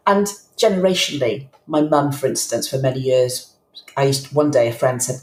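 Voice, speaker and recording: A woman's voice: very deep voice, fast talker. A middle-aged woman, a podcast guest, telling personal stories in a candid, reflective way and often restarting her sentences. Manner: emotional, reflective, with frequent restarts. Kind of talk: candid conversational storytelling. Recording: roomy echo.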